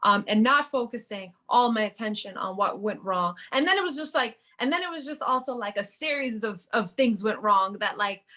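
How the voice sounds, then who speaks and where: A woman in casual podcast chat, telling her story in an animated way and quoting what she told herself. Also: fairly high pitch, moderate pace, few pauses. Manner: animated, quotes her own inner talk. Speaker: podcast co-host.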